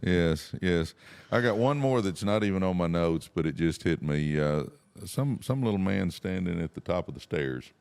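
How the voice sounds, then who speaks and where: A podcast host with a very deep voice chats casually. He eagerly prods his guest, and his pitch moves up and down a lot. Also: expressive, moderate pace, gravelly, hardly any pauses, a little mellow, clean tone. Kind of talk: casual chat.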